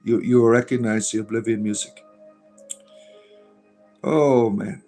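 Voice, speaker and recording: A middle-aged man hosts an easygoing livestream, reading viewers' comments out loud and rambling with lots of fillers. His voice is lowish, mellow, and steady, and he speaks slowly over faint background music.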